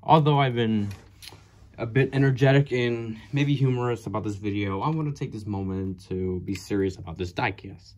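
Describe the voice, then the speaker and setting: A man casually chatting through an unboxing of his collectible model cars, rambling and cursing, with his voice jumping up in excited outbursts. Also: moderate pace, highs cut off. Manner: rambling, profane, jumpy pitch with excited outbursts.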